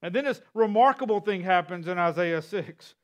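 A man with a high voice preaching an earnest sermon. He often repeats or restarts his words. His delivery builds in force as he reads passages of scripture. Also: animated, normal speed. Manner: earnest, rises in force when reading scripture. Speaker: pastor.

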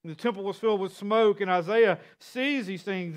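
A man with a high voice preaching an earnest sermon. He often repeats or restarts his words. His delivery builds in force as he reads passages of scripture. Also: a little fast, hardly any pauses. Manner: earnest, rises in force when reading scripture. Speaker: pastor.

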